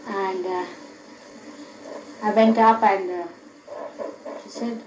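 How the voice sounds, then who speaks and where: An older woman giving an informal spiritual talk in a public hall, often laughing and speaking in an animated, instructive way. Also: medium pitch, takes it slowly, pauses often. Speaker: spiritual teacher. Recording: echoey hall, faint background hiss.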